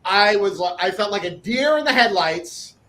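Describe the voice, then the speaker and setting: A man's voice: high voice, animated, normal speed, bright, forceful tone, low-quality recording. A man co-hosting a chat show over a video call, telling a story in a rambling way with many fillers. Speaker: co-host. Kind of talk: casual chat.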